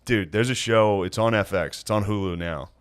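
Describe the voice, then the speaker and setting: Man, lowish voice, podcast host, casual chat, crude stories, laughs at own jokes. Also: moderate pace.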